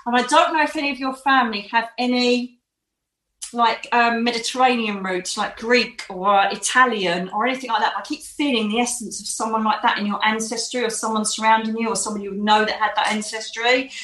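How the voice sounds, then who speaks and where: A woman's voice: a little high, steady tone, brisk, sharp tone. Rambling woman medium, roomy echo. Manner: emotive, reassuring, rambling. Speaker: psychic medium. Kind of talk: live psychic reading.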